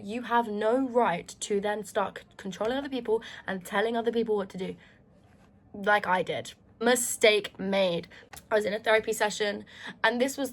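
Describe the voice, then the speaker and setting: A woman talking straight to her viewers in a candid, heartfelt monologue. She is emphatic and reflective, swears freely and often restarts her sentences. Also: a little high. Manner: earnest and reflective, with frequent restarts. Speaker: vlogger.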